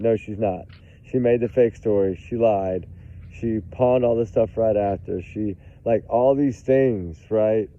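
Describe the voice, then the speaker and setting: Male commentator, low gravelly voice, emphatic and repetitive, phone-quality audio. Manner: emphatic, repetitive, addresses viewers as y'all. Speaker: true crime commentator. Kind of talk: casual commentary to viewers.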